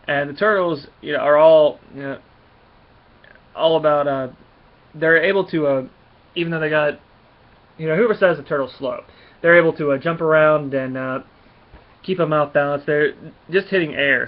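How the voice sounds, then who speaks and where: A man talks through a comic book review in a casual, rambling way, with many fillers and restarts. His voice sits fairly high, and the recording is dull and lo-fi. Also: moderate pace, pauses often.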